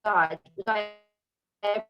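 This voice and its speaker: A woman talks openly and warmly about her life over a video call, her voice sitting at an ordinary middle pitch. She rambles a little and corrects herself as she goes. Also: fairly even intonation, unhurried, dull audio, soft background music. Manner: heartfelt, rambling, self-correcting. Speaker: guest sharing a personal story. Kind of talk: emotional personal sharing on a video call.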